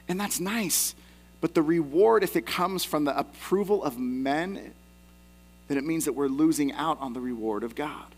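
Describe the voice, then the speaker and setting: A man's voice: on the high side, normal speed. A man in his thirties, a pastor preaching a sermon in a conversational, self-deprecating way with personal asides.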